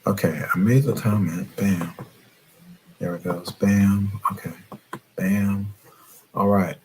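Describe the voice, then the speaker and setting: A middle-aged man coaching on relationships in a late-night live stream, animated and preachy, scolding his viewers playfully and laughing often. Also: fairly low pitch, slow pace, a little hiss or hum. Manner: fumbles with his phone while reading comments.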